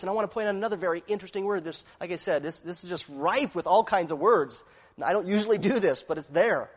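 A man with a high, bright voice preaches a sermon with dramatic swings from hushed asides to loud declarations. His voice carries a long reverb, as if recorded in a large hall. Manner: dramatic, swings from quiet to shouting.

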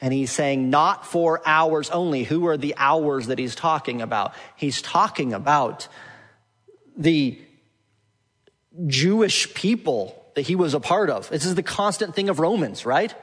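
A man preaching a sermon, teaching from Scripture and building to emphatic, forceful points. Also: a little high, lively intonation, a little slow. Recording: long hall reverb.

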